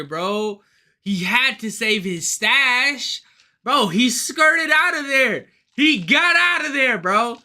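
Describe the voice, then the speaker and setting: Bright, animated, cursing male streamer. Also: very high-pitched, takes it slowly. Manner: profane, excitable, rambling. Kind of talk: casual livestream rant.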